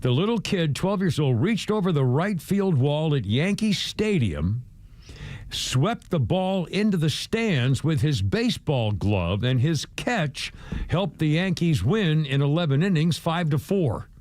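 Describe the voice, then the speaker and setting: Rambling lively radio host, dry mic. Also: male voice, a little high, measured pace, no room sound. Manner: rambling, lively, hums and chuckles. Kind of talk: casual sports talk on radio. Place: radio studio.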